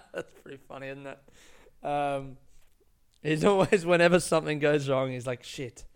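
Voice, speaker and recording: A man's voice: on the high side, a little slow, creaky, clear, resonant tone. A man telling a personal story in a casual monologue, rambling and profane with many fillers and restarts.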